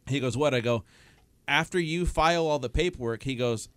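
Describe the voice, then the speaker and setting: A man co-hosting a fishing radio show, telling a catch story with lively acted-out dialogue from a studio. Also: medium pitch, a little fast, clean tone, dry recording. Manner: animated storyteller, acts out phone dialogue. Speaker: fishing report co-host. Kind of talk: casual radio talk.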